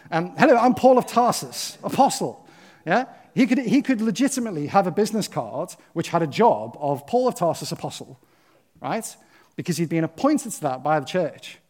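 Man, sermon, emphatic, conversational, higher-pitched voice. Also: darkish tone. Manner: earnest, conversational, checks in with the crowd; emphatic, impassioned. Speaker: preacher.

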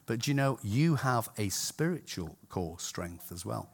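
A man's voice: on the low side, animated, normal speed, creaky, breathy edge. Older man preaching. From Scotland. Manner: chatty, laughs at his own stories. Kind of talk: sermon with anecdotes and jokes.

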